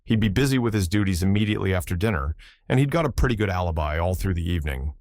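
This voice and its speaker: A man doing a brisk police inspector. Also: low voice, expressive, darkish tone, no echo, clean studio sound. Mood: businesslike. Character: brisk, shrewd male police inspector, middle-aged.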